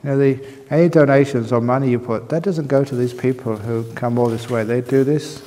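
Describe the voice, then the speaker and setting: A man's voice: mid-range voice, steady tone, brisk, warm tone, big-room sound. A man teaching at a meditation retreat, answering questions in a humorous, playful way and laughing often. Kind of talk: dharma talk answering questions. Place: retreat hall with long reverb.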